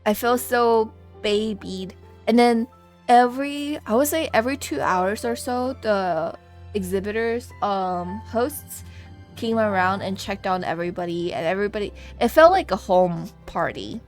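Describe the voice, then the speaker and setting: Young female streamer, casual animated storyteller, mid pitch, soft music behind. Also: unhurried. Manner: animated storytelling, laughs and swears. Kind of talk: casual live-stream chat.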